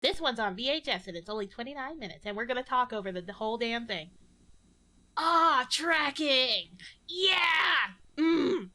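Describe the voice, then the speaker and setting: A woman's voice: fairly high pitch, fast talker, hardly any pauses, bright, forceful tone. A woman streamer chatting casually on a watch-along stream, rambling playfully into silly bits.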